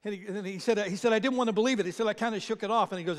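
A male pastor with a high, light voice tells stories from the pulpit. He retells other people's words, stumbling over restarts as he goes. His voice rings out into a long church reverb. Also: very fast. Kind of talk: sermon. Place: church sanctuary.

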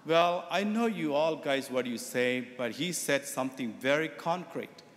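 A man voicing a mischievous little boy who calmly explains himself. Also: a little high, unhurried. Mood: cheeky. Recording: echoey church hall.

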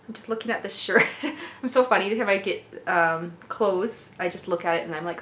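A woman vlogging an unboxing in a casual, gushing and excitable way, laughing often, her throat slightly rough. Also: mid-range voice, normal speed, few pauses. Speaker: doll collector vlogger. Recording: echoey room with faint noise.

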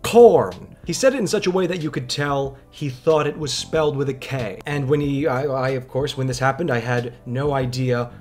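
A man telling stories in a casual vlog, with dry, deadpan humor. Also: medium pitch, normal speed, few pauses, soft background music. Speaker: vlogger.

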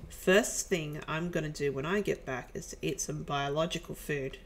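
A woman's voice: deep voice, moderate pace, lightly acted. A woman reading the lines of a blunt spaceship crew member who complains crudely about the food. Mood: griping.

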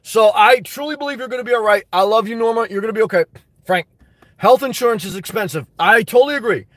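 Man, live stream host, very high-pitched voice, dry close sound, emphatic and worked up. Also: fast talker, a bit bright, no room sound. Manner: emphatic, fired up, preachy. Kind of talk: live stream chat, reading viewer comments.

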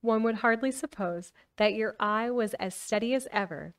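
A woman's voice: fairly high pitch, normal speed, recorded from a distance, natural voice. A woman voicing a pert young man with a sing-song rhyming delivery.

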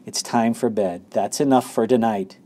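A man voicing a gentle mother calling her son to bed in a storybook reading. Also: lowish voice, normal speed, a little hiss or hum, lightly acted. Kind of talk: storybook read-aloud.

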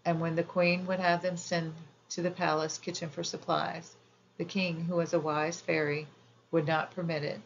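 A woman narrating a children's fairy tale audiobook in a measured, gentle storytelling manner. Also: deep voice, vocal fry, dull audio, slight background noise.

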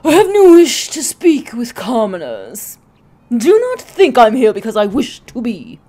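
A woman's voice: a little high, huge pitch swings, unhurried, dark tone, exaggerated voice. A woman voicing a snooty, droll aristocratic young male pigeon student. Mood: haughty. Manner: droll, haughty.

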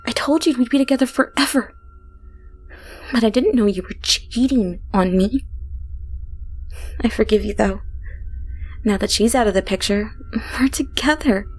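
A woman's voice: fairly high pitch, normal speed, pauses often, darkish tone, natural voice, poor audio. A woman voicing an obsessive young woman stalker who talks in a sugary, doting, pleading way.

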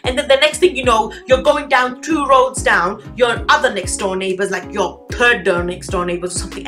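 A woman's voice: a little high, pushed and bright. A woman doing an exasperated comedic rant, swearing often. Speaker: comedy youtuber. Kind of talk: comedic monologue.

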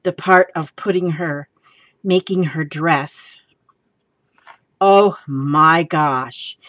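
Excitable gushing woman, slow and dry. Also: low voice, dry recording, highs cut off. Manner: gushing, excitable, exclaims often. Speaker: craft vlogger. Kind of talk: casual craft vlog.

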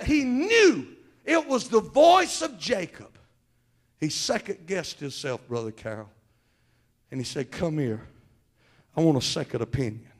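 A male pastor preaching a sermon, swinging between quiet talk and shouted, sing-song cadences punctuated with "uh" and "hallelujah". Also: high voice. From South Carolina, USA.

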